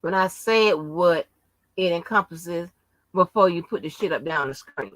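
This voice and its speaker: A woman hosting a casual livestream, talking bluntly and combatively with frequent swearing and halting restarts. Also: fairly low pitch, dry recording, poor audio. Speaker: livestream host.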